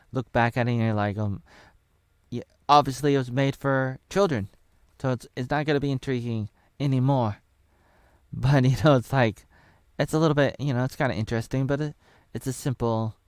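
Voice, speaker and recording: Smooth-voiced man rambling through a review. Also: medium pitch, dry recording, studio quality. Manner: rambling, loose and offhand. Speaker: movie reviewer. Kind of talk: casual spoken movie review.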